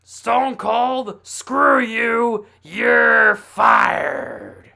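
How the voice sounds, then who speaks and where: A man doing an impression of a brash older male wrestling boss, shouting in a strained, throaty voice. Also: extremely high pitch, extremely slow, vocal fry, pitched above the performer's own voice, exaggerated voice. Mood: bellowing. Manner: announcing loudly in a mock showman voice.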